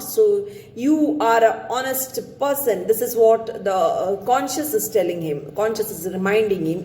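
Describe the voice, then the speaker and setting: A woman's voice: medium pitch, measured pace, a little mellow. A woman teaching literature, reading quoted lines and paraphrasing them with many repeats and fillers. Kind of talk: explaining a play line by line. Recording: roomy room with faint ambience.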